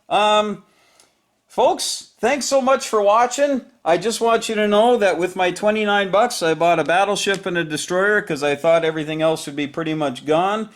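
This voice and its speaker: A man playing a board game at home and narrating each dice roll to his viewers, growing excited as the rolls go his way, recorded on his own camera. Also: high voice, moderate pace. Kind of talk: casual play-by-play of a board game. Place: home, indoors.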